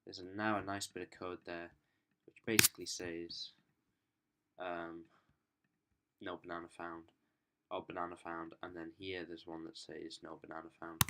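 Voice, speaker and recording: Deep flat-voiced man talking through code. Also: moderate pace, pauses often, slight background noise. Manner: informal, thinking aloud with frequent ums and self-corrections. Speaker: student developer demonstrating software. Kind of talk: screen-recorded coding tutorial.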